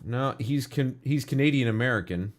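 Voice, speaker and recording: A man with a medium-pitched voice at a moderate pace hosts a casual gaming livestream. He reacts aloud in a rambling, frank and opinionated way, musing as he talks and often restarting.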